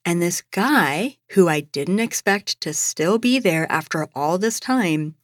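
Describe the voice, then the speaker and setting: A woman's voice: on the low side, lively intonation, takes it slowly, no room sound, clean studio sound. A young adult woman hosting a podcast, telling a personal story in a chatty way, full of "like" and "you know". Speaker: podcast host.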